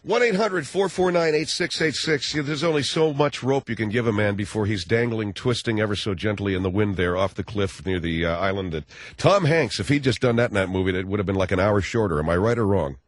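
A man's voice: fairly low pitch, fairly quick, no room sound. A man hosting a comic talk radio show, riffing sardonically and firing rhetorical questions.

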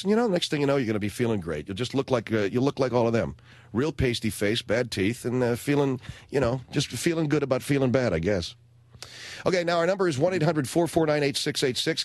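A middle-aged American man hosting a talk radio show, telling stories in a wry, animated way. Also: mid-range voice, no echo. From United States.

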